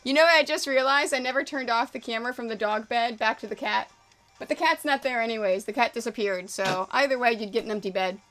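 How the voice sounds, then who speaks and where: A woman's voice: fairly high pitch, fast, fairly bright tone, faint music behind. Chatty woman live-streaming from her sewing studio. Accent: mixed American and Canadian. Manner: chatty, scattered, talks to chat and her dogs. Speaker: quilting streamer. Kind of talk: casual live-stream chat while working.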